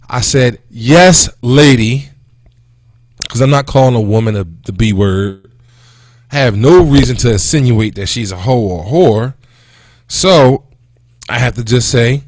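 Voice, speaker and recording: A man in his thirties talks straight into a close, dry mic as host of a casual talk show. His voice swings up and down as he vents with animated indignation, and his pitch sits in an ordinary middle range. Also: normal speed, long pauses, dry recording. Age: 30s. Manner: animated and indignant, with pitch jumping when quoting and venting. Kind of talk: casual talk radio monologue.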